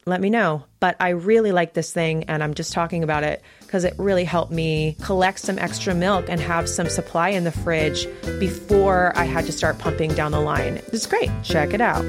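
Chatty woman podcast host, low-pitched. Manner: upbeat, chatty advice-giving. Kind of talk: casual podcast chat.

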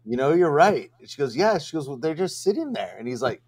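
Chatty man telling animated stories. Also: a little high, a little fast, slightly rough. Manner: animated storyteller, acts out quoted voices, many fillers. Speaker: co-host of a vending business livestream. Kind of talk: casual storytelling chat.

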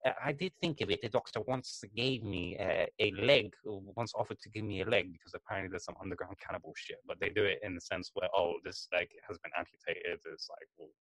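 A man putting on a halting, soft-spoken old British man who stammers and trails off. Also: low-pitched, dry recording, pitched below the performer's own voice, poor audio. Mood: rambling.

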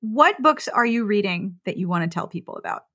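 Woman co-host, mid-pitched, quick playful interjections. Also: animated, a bit bright. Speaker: podcast co-host. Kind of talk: casual podcast chat.

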